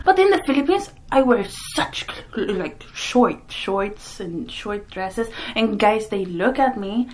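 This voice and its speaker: A woman's voice: fairly high pitch, expressive, slow pace. A woman in her twenties chatting casually while eating on camera, giggling often between sentences. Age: 20s. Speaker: vlogger.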